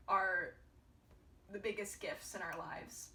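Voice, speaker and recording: A woman giving an earnest, encouraging tarot reading to her viewers, often dropping into soft half-whispered asides. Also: mid-range voice, fairly even intonation, unhurried, pauses often. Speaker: tarot reader. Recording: roomy, distant mic with faint background hiss.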